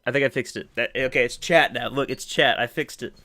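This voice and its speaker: A man's voice: medium pitch, brisk. Hyped young man reacting on stream. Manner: excitable, loud bursts of hype and laughter. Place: home room.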